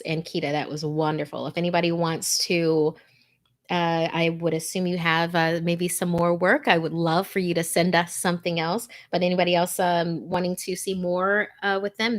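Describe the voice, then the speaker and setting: A woman hosting a livestream, reading a scary story in a hushed, tense voice that drops into whispers, then chatting casually and laughing with viewers. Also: on the low side, little pitch movement, moderate pace. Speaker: livestream host and story narrator.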